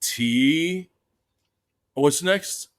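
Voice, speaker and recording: A man voicing an old foreign wrestling legend who speaks halting English and repeats words back slowly as questions. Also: on the high side, no echo, voice pushed up.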